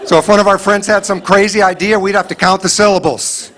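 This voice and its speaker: A middle-aged man performs a stand-up set before a live crowd. His voice sits a little high for a man, and he is lively and animated. He slips into quick quoted voices of scolding parents. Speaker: stand-up comedian. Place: stage before a live audience.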